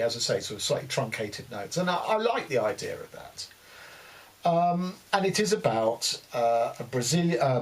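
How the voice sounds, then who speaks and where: A man giving a casual spoken book review, rambling with many fillers and restarts and giving blunt opinions. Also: medium pitch. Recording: distant mic with faint hiss.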